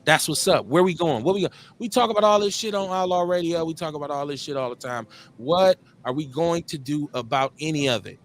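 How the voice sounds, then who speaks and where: A middle-aged man with a Midwestern US accent, hosting a live call-in show in a relaxed, slangy way and repeating his phrases. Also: on the high side, fairly quick, few pauses, slight background noise. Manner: laid-back, slangy, drawls and repeats phrases. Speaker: radio show host.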